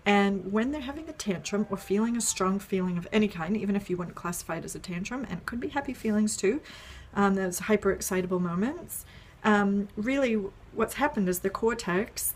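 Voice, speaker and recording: A woman's voice: mid-range voice, expressive, brisk, hardly any pauses, slight background noise. A woman explaining an idea in a casual video, step by step, with frequent ums and "right?" checks. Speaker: parenting educator.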